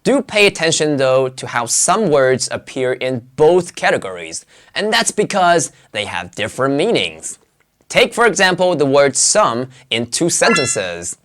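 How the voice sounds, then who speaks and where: A pronunciation teacher narrating a scripted lesson in a lively, swooping voice. The delivery is clear and emphatic, with strong rises and falls at a mid pitch.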